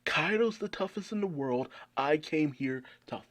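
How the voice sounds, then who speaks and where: A man's voice: fairly high pitch, lively intonation, unhurried, dry recording, pitched above the performer's own voice. A man voicing a fed-up male swordsman who talks bluntly and curses. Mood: angry. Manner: blunt, cursing.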